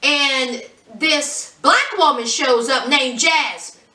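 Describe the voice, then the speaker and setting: Sassy high-voiced woman, echoey room. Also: expressive, slow pace, sharp tone, recorded from a distance. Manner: sassy, exasperated, keeps calling viewers honey. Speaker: reality TV reviewer. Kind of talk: casual chat review.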